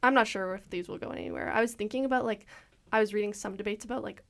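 A woman's voice: medium pitch, fast talker. A young woman co-hosting a podcast in casual chat, laughing often and filling her talk with "like". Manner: chatty, laughs often, many "like" fillers. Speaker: podcast co-host.

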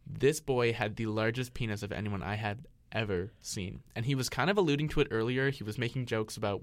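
A man's voice: fairly low pitch, fairly quick, few pauses, dry recording. A young man co-hosting a candid chat, gushing and giggling as he tells a story. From Canada. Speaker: podcast co-host.

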